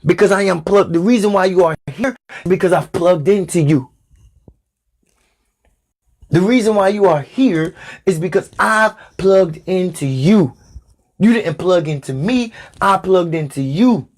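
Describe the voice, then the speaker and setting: A man with a rather high-pitched voice delivers a spiritual podcast sermon. He stresses his points by repeating them and speaks directly to his listener in a preaching manner. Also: a little slow. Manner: emphatic, repeats phrases for stress; addresses listener as "Divine". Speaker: spiritual teacher.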